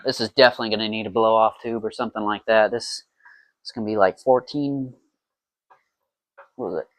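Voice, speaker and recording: A man's voice: lowish voice, steady tone, brisk, dry recording. A man talking to himself in a playful, rambling way while making mead at home, in a casual brewing vlog. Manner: rambling, playful self-talk.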